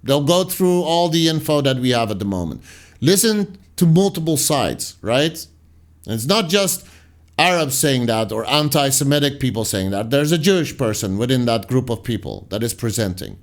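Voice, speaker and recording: This man runs a commentary channel, reading viewers' comments aloud at normal speed in an expressive, mid-range voice. His casual replies wander into sarcastic asides that dissolve into mutters.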